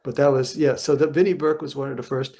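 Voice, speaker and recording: Older man telling gravelly, animated stories. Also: medium pitch, fast talker. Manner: animated anecdotes, acts out voices. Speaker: guest jazz guitarist. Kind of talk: storytelling interview.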